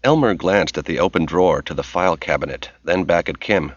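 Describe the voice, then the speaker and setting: A man narrating a novel as an audiobook in a steady, measured reading voice. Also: deep voice, slightly rough, no room sound, muffled recording.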